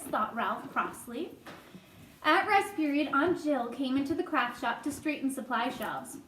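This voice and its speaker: A woman reading a children's novel aloud, expressive, with chatty asides to her listeners. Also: sits high, a little slow. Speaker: storyteller. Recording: echoey room, faint noise.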